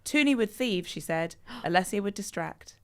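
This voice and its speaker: A woman's voice: mid-range voice, lively intonation, normal speed. A woman presenting a casual podcast, teasing her guests and laughing easily.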